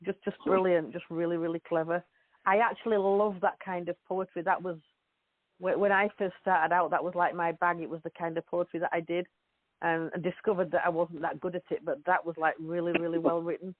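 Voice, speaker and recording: A woman's voice: lowish voice, little pitch movement, brisk, no room sound. A woman giving praise for a poem on a live internet radio show, repeating words for emphasis and chuckling. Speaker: caller reviewing a poem. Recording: dry tinny phone-like line.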